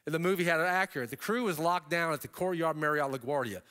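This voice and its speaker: A middle-aged man tells his story from a keynote stage in a voice pitched a touch high for a man. He is an animated storyteller whose pitch leaps up for emphasis, and he drops in casual asides to the audience. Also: fast talker. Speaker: keynote speaker.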